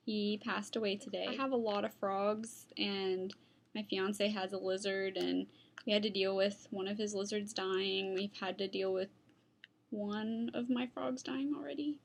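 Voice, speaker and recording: A woman's voice: mid-range voice, vocal fry, fairly bright tone. A young woman chatting casually to her computer camera at home, rambling from one thing to the next and talking to her dog. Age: young adult. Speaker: vlogger. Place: at home, indoors. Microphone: computer webcam.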